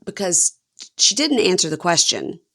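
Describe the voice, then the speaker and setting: A woman with a Southern accent hosting a casual reality TV recap podcast, chatty and self-deprecating with quick asides. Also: on the low side, sing-song, fairly bright tone. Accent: Southern American. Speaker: podcast host.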